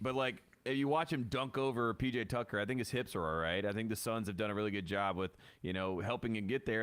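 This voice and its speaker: A man co-hosting a sports podcast, talking basketball in a loose, joking, chatty way. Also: medium pitch. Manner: joking, rambling basketball banter with frequent laughs. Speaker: podcast co-host. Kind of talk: casual sports chat.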